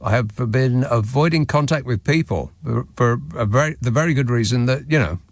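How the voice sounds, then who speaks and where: A man's voice: mid-range voice, fairly quick, no echo. A man hosting a late-night radio phone-in, talking in a dry, sardonic, mock-indignant way.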